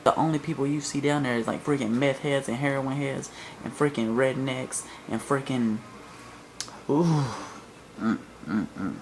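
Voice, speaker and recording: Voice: mid-range voice, normal speed, noisy background. A vlogger from the American South with a Southern accent, delivering a blunt, sarcastic, profane comic rant to camera.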